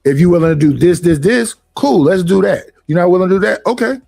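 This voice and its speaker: A man's voice: high-pitched, quick pace, gravelly, dry recording, studio quality. A man talking bluntly in a casual discussion, acting out both sides of his stories. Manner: blunt, animated storytelling.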